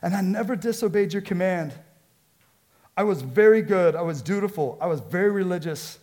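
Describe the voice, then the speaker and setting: A man's voice: high-pitched, lively intonation, normal speed, darkish tone, voice pushed up. A man acting out a resentful older brother from a sermon's retelling of scripture. He sounds indignant and complaining, with his voice raised well above his normal level. It plays as a grown son who feels wronged.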